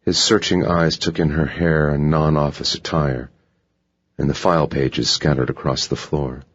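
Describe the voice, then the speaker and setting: Very deep, husky male narrator. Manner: steady, measured reading. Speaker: audiobook narrator. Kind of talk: scripted thriller narration. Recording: dull lo-fi audiobook recording.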